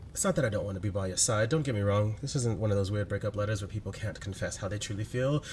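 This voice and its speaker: A man's voice: fairly low pitch, darkish tone, slight background noise, close to an everyday voice. A man reading a tender lover's farewell letter. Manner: tender and teasing. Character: devoted male lover writing a farewell letter.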